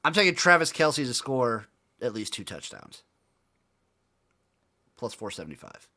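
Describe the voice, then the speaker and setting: An excitable man co-hosts a sports betting chat and swears freely. His pitch swings widely as he talks. His tone is bright and forward. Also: a little slow. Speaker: co-host. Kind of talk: casual sports betting banter.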